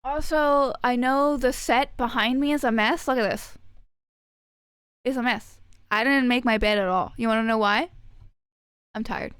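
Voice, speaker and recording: A woman streamer chatting casually with viewers, sarcastic and profane and quick to laugh. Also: fairly high pitch, fairly bright tone, clear, resonant tone, no room sound.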